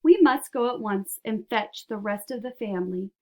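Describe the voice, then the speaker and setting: Woman voicing an eccentric, excitable candy-making man, insistent and grand, storybook reading. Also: mid-range voice, normal speed, natural voice, low-quality recording. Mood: excited. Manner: eager, insistent, grandly persuasive.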